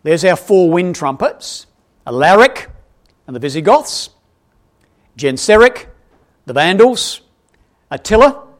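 A man leads his congregation through a passage of scripture, pitched a little high for a man. His delivery rises and falls with animation, and he keeps tossing questions to the listeners and stopping to fix his own slips. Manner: animated, asks the audience questions, self-correcting. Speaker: preacher. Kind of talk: expository Bible teaching.

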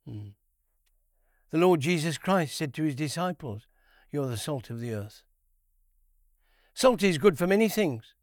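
A man giving a conversational Bible teaching, unhurried, repeating key phrases and asking rhetorical questions. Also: fairly high pitch, expressive, no echo, studio quality.

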